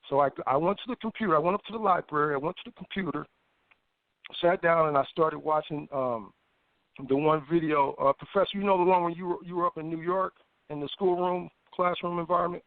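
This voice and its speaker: Man, fairly high voice, phone-line sound, animated storyteller, stammering restarts. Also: brisk, no echo. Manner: animated, stammering restarts, acts out his own past thoughts. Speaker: guest telling his story. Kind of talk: casual phone interview storytelling. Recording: tinny phone line, dry.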